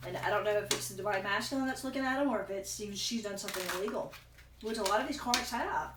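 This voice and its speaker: A woman's voice: medium pitch, quick pace, noisy background. A woman giving a casual tarot reading, rambling and correcting herself as she thinks aloud while chewing gum. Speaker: tarot reader. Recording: echoey room, distant from mic.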